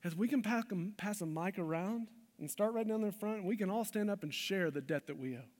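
A man with a high voice preaches to a church congregation, swinging from hushed, intimate lines to passionate, emphatic peaks. His words ring out with a long hall reverb. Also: fairly quick. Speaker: pastor. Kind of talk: sermon. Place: church sanctuary.

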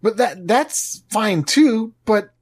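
A man on a podcast chatting casually, telling a story in an animated way, acting out the lines of both sides and swearing now and then. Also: sits high, slow, breathy edge, no echo.

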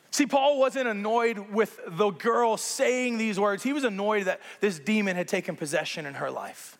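A man preaching a sermon as pastor, conversational and animated, with playful asides to the congregation. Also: high-pitched, unhurried, vocal fry, long reverb tail.

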